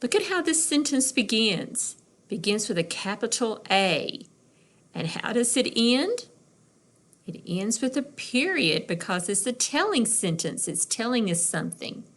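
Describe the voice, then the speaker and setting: Slow, patient woman teacher. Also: fairly high pitch, sing-song. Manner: slow, patient, sounds out words. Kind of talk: recorded reading lesson for young children.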